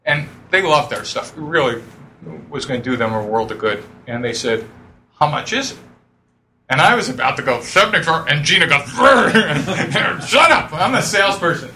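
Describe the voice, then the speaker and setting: A middle-aged man telling lively stories to an audience, acting out the voices he quotes and laughing often. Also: on the high side, moderate pace, a little hiss or hum. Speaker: speaker telling startup stories. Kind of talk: lively storytelling talk.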